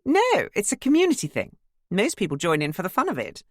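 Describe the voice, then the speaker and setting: A well-to-do neighbour, tactful and breezy, in a cut-glass voice pitched up high, as a woman reading aloud puts her on. Her lines swing brightly up and down. The recording is dry and close. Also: huge pitch swings, brisk, no room sound. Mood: polite.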